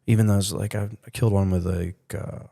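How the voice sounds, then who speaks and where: A man in his middle years, a podcast guest, telling a story in a casual, animated way with lots of fillers. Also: on the low side, quick pace, creaky.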